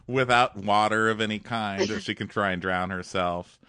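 A man's voice: on the low side, moderate pace, clear, resonant tone, no echo. A man co-hosting a casual, joking chat and retelling scenes with energy. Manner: joking, animated storyteller. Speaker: podcast co-host.

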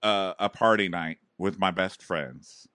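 A man co-hosting a casual chat, animated and quick to slip into exaggerated impressions. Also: no echo. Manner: animated, slips into exaggerated high-pitched impressions.

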